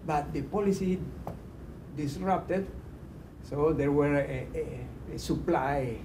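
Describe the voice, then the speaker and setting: A man's voice: on the high side, slow. Man, audience question, hesitant, non-native phrasing, far off mic, roomy echo. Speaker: audience member asking a question. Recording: distant, roomy, noisy hall sound.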